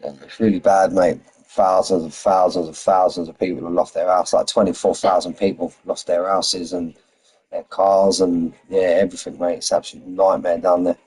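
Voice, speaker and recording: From his home in Spain, a London-born man with a low, level, slightly rough and mellow voice chats casually to viewers on a racing game stream at a moderate pace. He says "mate" constantly, reads out lap times, and answers chat. The audio is poor.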